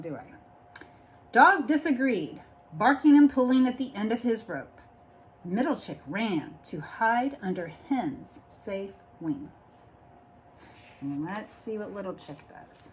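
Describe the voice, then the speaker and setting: Lady teacher reading a storybook aloud, slow, up and down, bit of hiss. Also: medium pitch. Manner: expressive, stops to explain the story.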